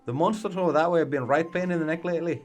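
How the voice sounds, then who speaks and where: A man voicing a gruff, folksy Scottish man from a video game in an imitated Scottish accent, reading the lines in a brusque, chummy way. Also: fairly high pitch, rapid-fire, faint music behind, natural voice. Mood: instructive. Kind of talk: reading game dialogue aloud in a put-on voice.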